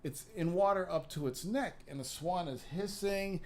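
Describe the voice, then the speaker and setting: A man's voice: high voice, normal speed, a little mellow. A man hosting a podcast, telling long rambling stories in casual, profane chat. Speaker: podcast host.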